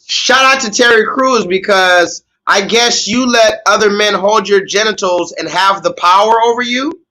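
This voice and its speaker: A man's voice: high voice, unhurried, pushed and bright, poor audio. A man hosting a live stream, ranting in a sarcastic, mock-pleading and profane way. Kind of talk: livestream commentary rant.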